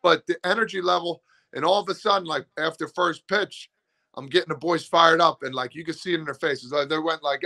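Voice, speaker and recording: A man in his thirties, a former ballplayer, telling lively stories in a casual interview and acting out what he said to teammates. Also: on the high side, a little fast, gravelly. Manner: animated, acts out pep talks. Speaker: former baseball player, guest.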